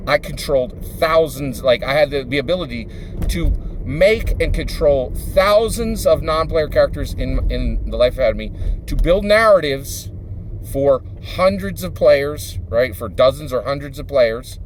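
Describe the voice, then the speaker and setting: A man from Philadelphia with a slightly higher voice talks in a loose, rambling monologue full of fillers and repeated check-ins with the listener. Faint noise sits under the recording. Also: expressive, unhurried. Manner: rambling, with many fillers and repeated tags of "right?". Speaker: YouTuber and dungeon master. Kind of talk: casual spoken monologue.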